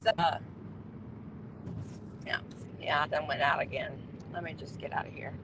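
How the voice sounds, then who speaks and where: A woman joining a livestream call, talking in a hurried, scattered, soft way. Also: deep voice, steady tone, noisy background. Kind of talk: casual chat joining a livestream.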